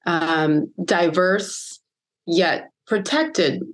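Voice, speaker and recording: A woman in her fifties from the United States, telling a personal story as a podcast guest, earnest and emotional with pauses. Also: fairly low pitch, expressive. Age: 50s. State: choked up.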